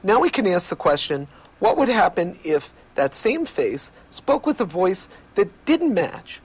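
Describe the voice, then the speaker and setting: A male researcher giving measured, lecturing explanations in an interview. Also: sits high, very animated, breathy edge. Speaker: communication researcher.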